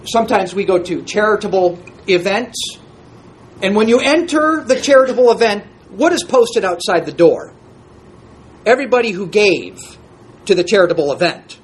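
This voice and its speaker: A man's voice: sits high, lively intonation, measured pace, long pauses, a little hiss or hum. A man teaching an interactive Bible class, reading scripture aloud and asking the group questions in a conversational way.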